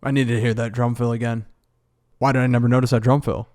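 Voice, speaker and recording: A man's voice: mid-range voice, little pitch movement, fast. A man hosting a casual music reaction, chatting with enthusiasm and musing aloud between songs. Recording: music playing behind.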